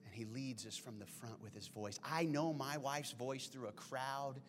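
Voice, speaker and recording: A pastor delivering a sermon, swinging from hushed whispers to loud exclamations. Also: male voice, mid-range voice, normal speed. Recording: long hall reverb with faint music.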